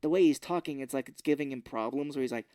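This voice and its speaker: A man's voice: mid-range voice, fast, dry recording. A man co-hosting a podcast, recapping a movie in casual chat and breaking into voices of the characters. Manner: animated retelling, jumps into quoted character voices. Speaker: podcast co-host.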